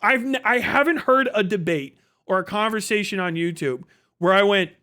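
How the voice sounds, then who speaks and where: A male streamer talks through a debate in a loose, casual livestream style. His voice sits fairly high for a man, and he swears freely. He acts out the people he quotes in quick bursts. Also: clear, resonant tone. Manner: profane, animated retelling with quoted voices.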